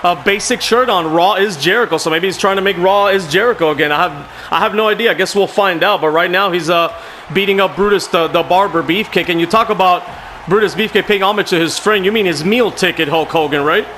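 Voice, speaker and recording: A man hosting and commenting on a wrestling video game in a casual, excitable way, often calling people "man". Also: high-pitched, fairly quick, a little hiss or hum. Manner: excitable, frequent "man", shouts at the action.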